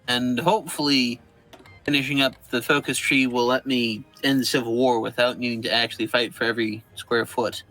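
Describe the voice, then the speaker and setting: A man's voice: mid-range voice, fairly even intonation, a little fast, bright, forceful tone, faint music behind, low-quality recording. A man playing a strategy game online, talking things through in a thoughtful, wry way. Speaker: player. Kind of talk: casual multiplayer game chat.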